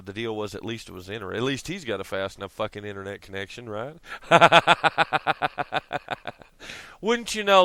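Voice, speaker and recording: A man's voice: medium pitch, fairly bright tone, clean tone, no room sound. A man ranting casually in a vlog, profane and rambling, laughing at his own jokes. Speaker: vlogger.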